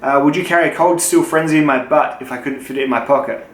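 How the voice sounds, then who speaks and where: In an echoey room with a faint background noise, a young Australian man who runs the channel jokes his way through viewer questions and swears freely. His pitch is a little high and his pace is quick in this casual Q&A chat.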